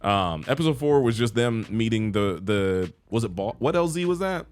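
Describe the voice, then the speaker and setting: A man co-hosting a casual podcast, joking around and breaking into loud laughs. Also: lowish voice, expressive, moderate pace, slight background noise. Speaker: podcast co-host. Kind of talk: casual chat.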